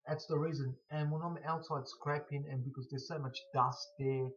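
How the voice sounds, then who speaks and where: A man with a blocked nose from hay fever, answering viewer questions in a casual, halting way with stutters and restarts. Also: fairly high pitch, fairly even intonation, fairly bright tone. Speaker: scrap collector vlogger. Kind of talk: casual to-camera Q&A. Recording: dull lo-fi recording.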